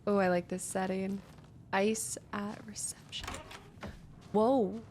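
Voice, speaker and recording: A woman's voice: medium pitch, fairly even intonation, slow pace, a little mellow, a little hiss or hum. A young woman streaming a game, musing aloud as she explores and reading notes under her breath. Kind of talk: let's-play commentary.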